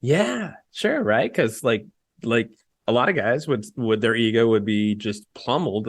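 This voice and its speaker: A man hosting a podcast, chatting casually and reacting to a guest's story with quick, encouraging remarks. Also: mid-range voice, expressive. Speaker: podcast host. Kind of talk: casual chat.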